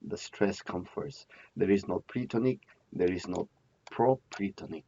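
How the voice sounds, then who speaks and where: Low husky male teacher, lo-fi. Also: measured pace, warm tone. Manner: repeats key terms, asks and answers his own questions. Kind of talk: classroom lecture. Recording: dull lo-fi recording.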